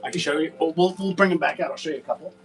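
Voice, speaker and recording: A man's voice: a little high, rapid-fire, recorded from a distance, faint music behind, low-quality recording. A man hosting a casual livestream, rambling and cursing with lots of fillers. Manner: rambling, profane, filler-heavy. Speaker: livestream seller host.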